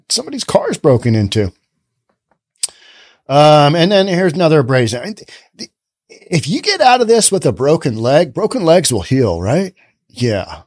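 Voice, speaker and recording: Animated sarcastic man, dry close mic. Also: fairly high pitch, dry recording. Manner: sarcastic, animated, repeats himself. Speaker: podcast host. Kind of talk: casual commentary reading news aloud.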